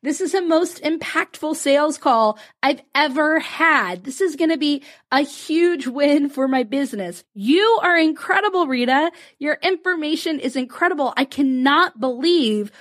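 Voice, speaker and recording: A woman acting out an over-the-moon client, high and lively, piling praise on top of praise. The voice swoops up and down as it gushes, all enthusiasm and breathless wonder. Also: a little slow, few pauses. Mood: gushing, thrilled. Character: gushing, excited woman client on a sales call.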